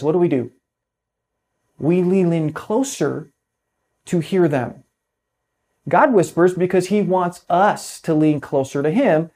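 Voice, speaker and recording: A man preaching a sermon as pastor, earnest, slowing down to stress key phrases and dropping to a hush on closing words. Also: on the high side.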